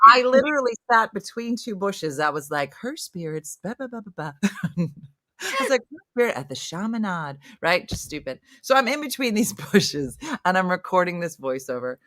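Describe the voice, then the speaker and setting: A middle-aged woman spins stories in a casual chat, her voice bright and forceful. She swings widely up and down in pitch as she plays with different voices. The sound is dry and close, with no room around it. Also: normal speed, dry recording. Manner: animated storyteller, playful voice shifts. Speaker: podcast co-host.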